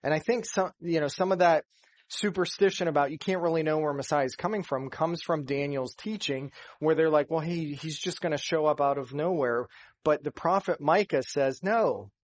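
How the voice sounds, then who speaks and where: A man delivers a sermon from the front of a church, speaking in a slightly higher register than most men. He talks earnestly, and his voice lifts and strengthens when he drives a point home. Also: normal speed. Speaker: pastor.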